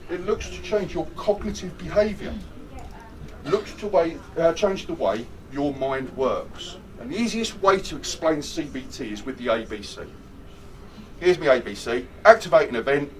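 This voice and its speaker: A man's voice: a little high, far from the mic, a little hiss or hum, rough recording. A man leading a stress management workshop, joking and chatty and putting questions to his audience. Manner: animated, jokey, chatty, asks the audience questions. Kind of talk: lively interactive workshop talk.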